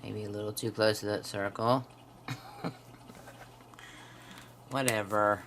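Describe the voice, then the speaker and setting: A woman hosting a craft video, chatting to viewers while she swatches pens and dropping into soft half-whispered asides. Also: extremely low pitch, fairly even intonation, takes it slowly, a little hiss or hum. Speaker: craft channel host. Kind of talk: casual swatching narration.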